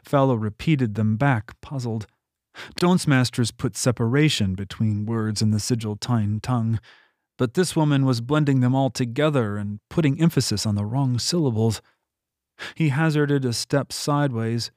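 A man reading a novel aloud in steady, scripted audiobook narration on a close mic. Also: mid-range voice, moderate pace, no room sound. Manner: steady storytelling delivery.

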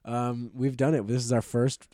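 A man co-hosting a podcast in casual comedic chat, jokey and excitable. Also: mid-range voice, moderate pace, dry recording, studio quality. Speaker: podcast co-host.

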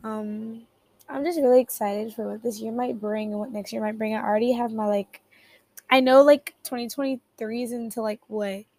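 A teenage girl with a slightly high voice hosts a podcast from her bedroom, talking through headphones at her computer. Her casual chat rambles and wanders, broken up by giggles and quick self-corrections. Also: fairly even intonation, darkish tone. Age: teens. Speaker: podcast host. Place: bedroom at home. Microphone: headphones at a computer keyboard.

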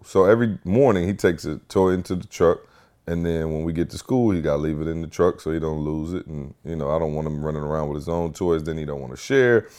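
A man hosting a casual podcast, telling a family story with lively energy and acting out what people said. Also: low voice. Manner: animated storyteller, acts out quotes. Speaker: podcast host.

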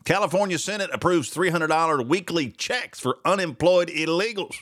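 A man's voice: fairly high pitch, lively intonation, moderate pace, fairly bright tone, dry recording, studio quality. A man hosting a casual political commentary podcast, sarcastic and rambling, laughing often. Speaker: podcast host.

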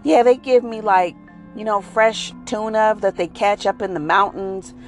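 A woman's voice: mid-range voice, a little slow, faint music behind, close to an everyday voice. A woman voicing a laid-back, boastful male tomcat who talks in casual slang about his new life.

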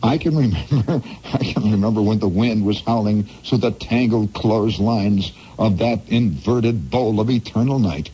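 Male radio host from the Midwest, husky and dark-toned, rambling wry monologue over faint music. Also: on the low side, normal speed, hardly any pauses, rough recording. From American Midwest. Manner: wry, digressive, playful asides.

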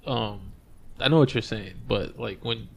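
Gravelly, hesitant podcast co-host. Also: male voice, fairly low pitch. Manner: hesitant and measured, hedging his point with fillers. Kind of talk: casual chat.

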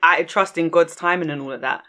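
A woman's voice: sits low, fairly even intonation, fairly quick, sharp tone. Laughing woman in her thirties. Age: 30s. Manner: candid, laughs often, slang-filled. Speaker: podcast co-host. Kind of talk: casual chat.

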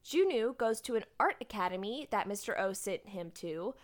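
Woman, podcast co-host, casual recap, animated, laughs often. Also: mid-range voice, moderate pace. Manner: animated, laughs often, reads plot summaries aloud. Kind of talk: casual chat recapping episodes.

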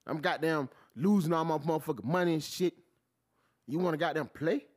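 A man, hosting his own podcast and ranting about sports in an animated, profane style. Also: brisk. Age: 40s. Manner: animated, swings from low mutter to loud outbursts, heavy cursing. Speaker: podcast host. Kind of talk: profane solo sports rant.

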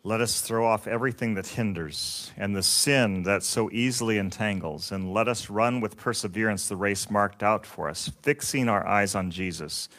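A man preaching a sermon, reading scripture in a slow, solemn and measured way. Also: lowish voice, a bit bright. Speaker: pastor.

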